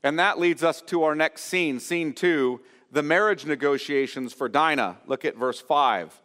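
A man preaching an expository sermon as pastor, earnest and explanatory, often pausing to restate a phrase. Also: on the high side, a bit bright, in a large hall. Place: church sanctuary.

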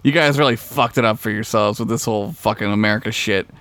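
A man's voice: on the low side, fast, fairly bright tone, no echo. A man co-hosting a podcast in casual chat, laid-back and swearing freely. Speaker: podcast co-host.

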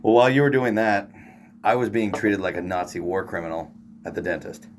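A man's voice: on the low side, a little fast, background noise. A young man co-hosting a podcast, telling a long rambling story in loose, profane casual chat. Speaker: podcast co-host.

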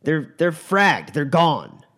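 Male GM voicing a bitter, scornful street runner, sarcastic and loud. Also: fairly high pitch, very animated, takes it slowly, pitched above the performer's own voice, heavily acted. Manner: sarcastic, shouting. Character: angry hardened male runner, blunt and scornful.

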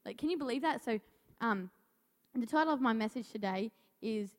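A woman's voice: on the high side, animated, normal speed. Nervous young woman preaching. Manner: nervous, stumbling reading with restarts. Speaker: youth speaker. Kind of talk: church message. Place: church hall. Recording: long hall reverb.

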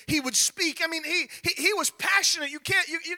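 A man preaching a sermon, retelling a story with animated delivery and acting out the characters' lines. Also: very high-pitched, fairly quick. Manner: animated, acts out the characters' lines, repeats words.

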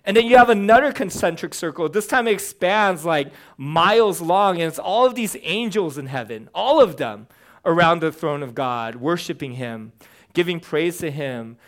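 A young man giving a casual, conversational sermon, animated and humorous, with fillers. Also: a little high, moderate pace. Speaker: preacher.

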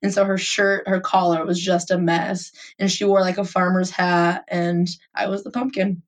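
A woman's voice: fairly low pitch, little pitch movement, moderate pace, recorded from a distance. A young adult woman co-hosting a casual chat, rambling with lots of fillers and frequent giggles.

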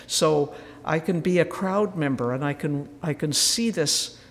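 A man giving a reflective spiritual retreat talk, telling stories gently with soft asides. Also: a little high, a little slow. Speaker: retreat speaker. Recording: roomy hall with faint noise.

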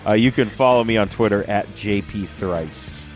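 A man's voice: fairly low pitch, normal speed, loud music behind the voice. A young man co-hosting a casual podcast chat, rambling with lots of fillers. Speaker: podcast co-host.

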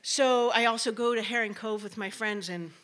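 Female live storyteller, bright tone, rambling conversational delivery. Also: fairly high pitch, fairly even intonation, normal speed. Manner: chatty, rambling, with many fillers. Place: stage before a live audience.

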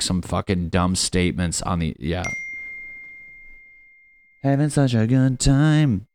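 Profane ranting man with a low voice. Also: a little mellow, no echo, clean studio sound. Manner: profane, rambling, ranting with frequent fillers. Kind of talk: rambling comedic rant.

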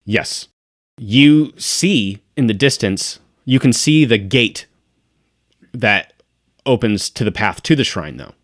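A man running a tabletop game as game master, describing scenes and dropping to a hush at dramatic beats. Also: fairly low pitch, expressive, takes it slowly, no room sound, studio quality.

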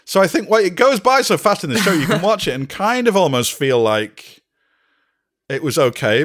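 A man's voice: high-pitched, very animated, normal speed, fairly bright tone. A man co-hosting a podcast, recapping a show in casual chat with exasperated sarcasm and acted-out lines. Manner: exasperated, mocking, acts out characters' lines. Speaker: podcast co-host.

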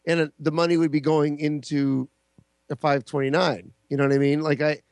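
A man's voice: on the high side, flat delivery, a little fast, a little mellow, no echo. A man in his forties, a podcast co-host, rambling through comic anecdotes with laughs between lines. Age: 40s. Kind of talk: casual comedic storytelling.

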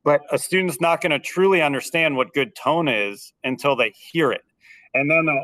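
A man's voice: mid-range voice, normal speed, pushed and bright, dry recording, rough recording. A band director talking earnestly in an interview, explaining his teaching methods with an occasional "um.". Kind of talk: conversational interview.

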